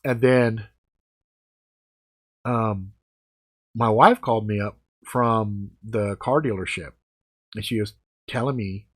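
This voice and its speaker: A man in his forties answering viewer comments in a blunt, heavily profane, animated storytelling chat. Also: lowish voice, slow, pauses often, husky. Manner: blunt, heavy swearing, animated.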